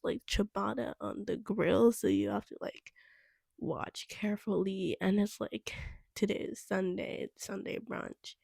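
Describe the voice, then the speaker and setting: A woman's voice: medium pitch, gravelly, a little mellow, no echo, studio quality. A young woman cook chatting casually about kitchen mistakes, rambling with lots of "like" and "um". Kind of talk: casual vlog chat.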